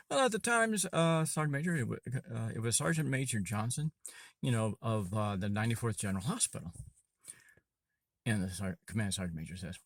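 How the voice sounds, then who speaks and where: A man from Arkansas tells an Army story in a loose, rambling way, stopping often for fillers and correcting himself. His pitch rises and falls a lot, and the sound is close and dry. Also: expressive, brisk, no echo. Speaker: Army veteran telling a story. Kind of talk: casual storytelling.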